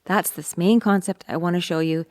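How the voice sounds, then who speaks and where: A woman vocal coach leads a singing lesson in a lowish voice with fairly even intonation at normal speed. She's upbeat and encouraging, singing scale demonstrations. The studio sound is clean with no echo, though piano accompaniment plays loudly.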